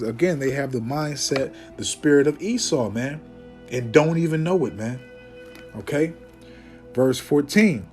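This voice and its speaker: A man teaching scripture informally, emphatic and preachy, often tagging his sentences with "man" and "okay?", and slowing down to declaim Bible verses. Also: a little high, mellow, faint music behind. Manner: reads Bible verses aloud in a slower, declaiming voice.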